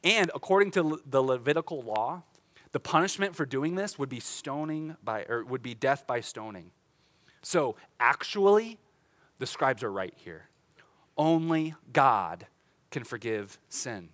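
A young adult man, a pastor, preaching a conversational sermon, chatty and light, slowing down for dramatic lines. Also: mid-range voice, animated, a bit bright. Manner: conversational, with laughs and dramatic slowdowns.

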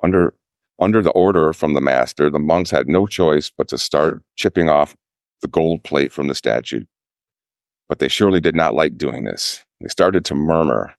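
A Zen priest giving a dharma talk, telling a teaching story in a slow, measured way with pauses. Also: male voice, low-pitched, animated, dry recording, studio quality.

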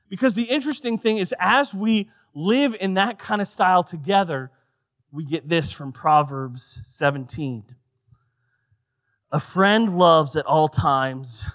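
A man in his thirties preaching a sermon with a fairly high voice. He talks with lively emphasis, then drops to soft, hushed passages. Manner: animated preaching, swings between loud emphasis and soft, quiet passages. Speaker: pastor.

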